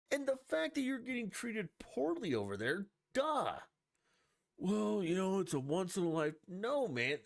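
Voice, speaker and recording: A man's voice: fairly high pitch, a bit bright, dry recording, clean studio sound. A man hosting a live-streamed podcast, ranting in a profane, sarcastic and exasperated way. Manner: scoffing, exasperated. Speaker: podcast host.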